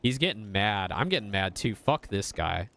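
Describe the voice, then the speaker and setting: A man's voice: fairly low pitch, big pitch swings, normal speed, vocal fry, pushed and bright, slight background noise. A man streaming a game, chatting casually and swearing freely. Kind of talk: casual gaming commentary.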